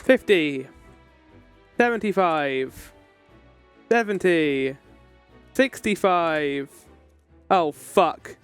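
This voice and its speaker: High, excitable man streaming a game. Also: drawn-out words, pauses often, clean tone, soft background music. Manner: excitable, swears, reacts loudly. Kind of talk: casual game livestream commentary.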